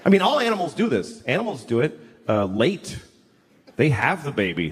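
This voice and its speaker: A man's voice: mid-range voice, wildly swooping pitch, normal speed, slight background noise. Crude, mocking male stand-up comic. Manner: crude, mocking, acts out voices. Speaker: stand-up comedian. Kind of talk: stand-up comedy. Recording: live show with crowd laughter.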